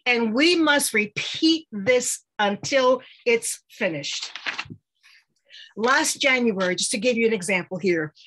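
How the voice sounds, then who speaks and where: An older woman with a fairly high voice speaks over a video call, giving a motivational speech. Her tone is bright and carrying, and she builds her points in an earnest, preacher-like rhythm. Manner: earnest, rallying, preacher-like cadence. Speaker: guest speaker.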